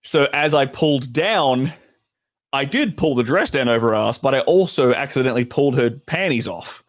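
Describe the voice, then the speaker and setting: A man's voice: medium pitch, animated, moderate pace, no room sound. Blunt, profane Australian man. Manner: profane, blunt, laughing asides. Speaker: storytelling host. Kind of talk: casual storytime chat, reacting to comments.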